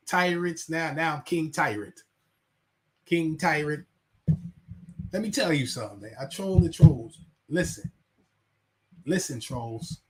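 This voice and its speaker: A man's voice: on the high side, a bit bright. A man hosting a casual livestream, rambling, laughing and reading chat names aloud. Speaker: livestream host.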